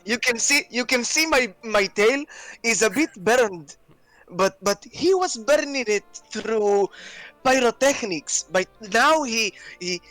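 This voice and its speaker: A man's voice: very high-pitched, sharp tone. A chatty man talking in character as a player at a tabletop game, often stumbling over his words.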